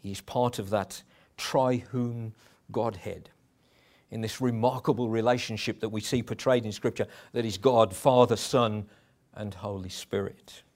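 A man's voice: on the low side, steady tone, a little slow, darkish tone. A middle-aged man preaching a sermon in a conversational way, with chuckles and restarts.

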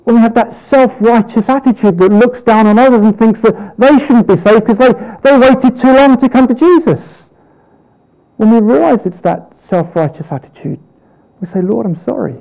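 A man preaching a sermon, earnest, with rhetorical questions and slow, emphatic pauses. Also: very high-pitched, mellow, poor audio.

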